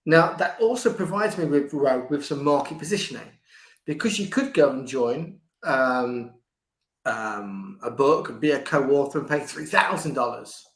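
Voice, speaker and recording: An older man who works as a book coach speaks in a conversational interview, lively and often restarting sentences, sometimes acting out quoted voices. His voice is mid-range and a little slow, in an echoey room.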